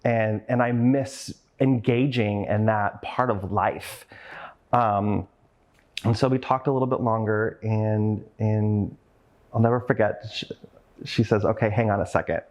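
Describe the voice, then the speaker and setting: A man's voice: lowish voice, steady tone, slow pace, a little mellow. A man giving a motivational talk as a conference speaker, telling a personal story earnestly and with open emotion, and acting out the voices of the people in it. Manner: earnest, openly emotional, acts out the voices in his stories.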